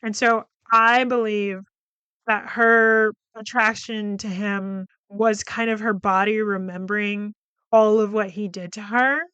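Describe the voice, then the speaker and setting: A woman's voice: medium pitch, little pitch movement, slow pace, a bit bright, clean tone, no echo, highs cut off. A woman hosting a podcast, recapping a film plot in a chatty, loose way with lots of fillers and some swearing. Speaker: podcast host reviewing a film.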